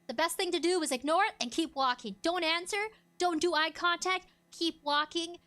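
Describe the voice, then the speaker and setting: A woman streamer chatting casually, laughing often and acting out bits of dialogue in loud bursts. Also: high voice, steady tone, normal speed, few pauses. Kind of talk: casual chat.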